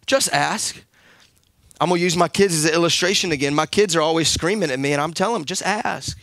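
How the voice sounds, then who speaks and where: A man in his thirties preaching a sermon, swinging between sung, rising calls and a soft storytelling voice. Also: fairly high pitch, quick pace, dry recording, clean studio sound. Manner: drops to a soft conversational storytelling voice. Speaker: pastor.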